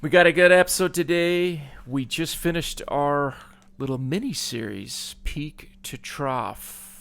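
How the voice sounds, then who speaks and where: A man co-hosting a finance podcast in casual chat, upbeat and agreeable, often chiming in with quick yeahs. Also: on the high side, gravelly, a bit bright. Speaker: podcast co-host, financial advisor.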